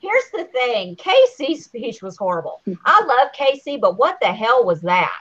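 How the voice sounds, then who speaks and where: A woman co-hosting a casual live-stream chat, animated and jokey. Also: on the high side, normal speed. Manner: animated, jokey, mimics houseguests. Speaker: podcast co-host. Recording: muffled lo-fi audio.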